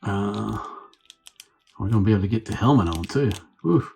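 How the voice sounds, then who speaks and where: A man's voice: fairly low pitch, expressive, moderate pace, gravelly, dark tone, a little hiss or hum. A man reviewing a toy on his own channel, rambling and thinking aloud as he fiddles with the figure. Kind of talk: casual unscripted review.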